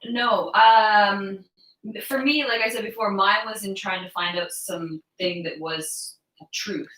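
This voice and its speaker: A woman's voice: mid-range voice, measured pace, a bit bright, echoey room, distant mic, low-quality recording. A woman guest answering the host in a casual chat, mostly with short, agreeable replies.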